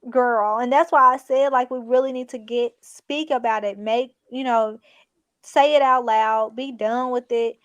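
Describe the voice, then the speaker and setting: A woman's voice: on the high side, fairly even intonation, unhurried, no echo. A young adult woman hosting a casual chat with her sister, telling stories candidly and swearing freely. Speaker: host.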